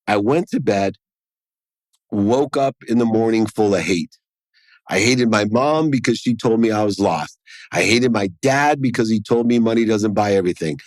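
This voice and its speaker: A man's voice: on the low side, moderate pace, dry recording. A man as a podcast guest, telling a personal story in an earnest way and acting out the dialogue within it. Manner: earnest, acts out quoted dialogue in his story.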